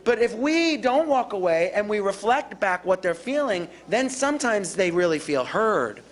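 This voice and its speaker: Animated woman teaching caregivers. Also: medium pitch, moderate pace. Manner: animated, acts out calm reassuring caregiver lines. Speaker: dementia care educator. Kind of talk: live workshop talk.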